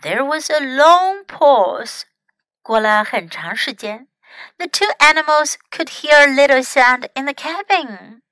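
Slow, bright-voiced woman teacher. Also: high-pitched, animated, no echo. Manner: slow, clear, careful reading. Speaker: English teacher. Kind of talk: bilingual storybook reading.

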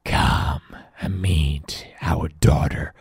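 Man putting on a big scary monster, deep, slow breathy whisper, storybook, dry sound. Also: fairly even intonation, darkish tone, no echo, heavily acted. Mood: eerie.

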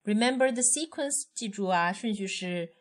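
Gentle woman coaching a child. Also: medium pitch, animated, normal speed. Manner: gentle, coaxing teacher talk, sings along. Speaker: parent teaching a children's song. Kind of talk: bilingual kids' song lesson.

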